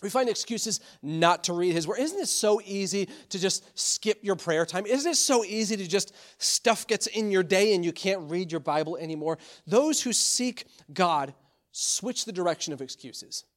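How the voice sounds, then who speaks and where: A man's voice: sits high, lively intonation, normal speed. A middle-aged man, a pastor, preaching a sermon with repeated, urging calls and frequent restarts. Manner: repetitive, exhortative preaching with fillers and restarts.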